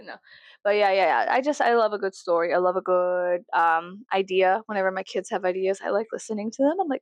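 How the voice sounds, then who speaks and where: A woman's voice: medium pitch, animated, fairly quick, dry recording. A woman in her thirties from South Texas, rambling in a casual, profane, giggly monologue that swings to sarcastic mockery. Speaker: vlogger.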